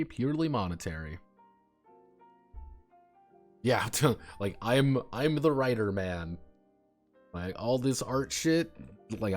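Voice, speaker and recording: Blunt, rambling low-voiced man. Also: darkish tone. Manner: blunt, rambling, frequent restarts and laughs. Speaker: streamer. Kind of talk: casual stream chat.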